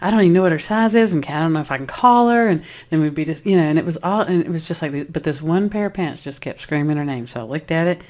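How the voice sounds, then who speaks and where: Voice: mid-range voice, quick pace, hardly any pauses. A spiritual speaker telling a personal story in a casual way, rambling with restarts and acting out voices. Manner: animated, acts out voices in the story.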